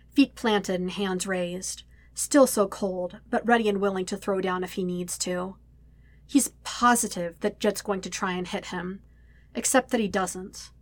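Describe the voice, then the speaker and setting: A woman reading a fan story aloud in a quiet, steady narrating voice. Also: mid-range voice, no room sound. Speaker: podfic reader. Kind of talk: audiobook reading.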